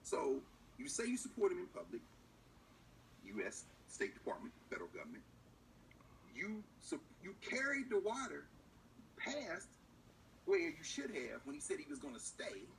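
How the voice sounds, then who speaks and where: Animated man mimicking officials, heard from afar. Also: sits high, normal speed, vocal fry, pauses often, slight background noise. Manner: acts out officials in mock voices, emphatic. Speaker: political commentator. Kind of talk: animated political commentary. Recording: distant mic with faint room ambience.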